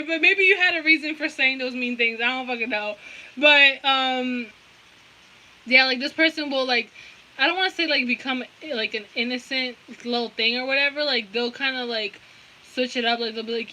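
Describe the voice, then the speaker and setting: Brief: young woman tarot reader, slightly high, very bright tone, slangy and profane, faint hiss. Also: moderate pace, low-quality recording. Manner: rambling, profane, slangy, frequent giggling fits. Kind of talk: casual tarot reading to camera.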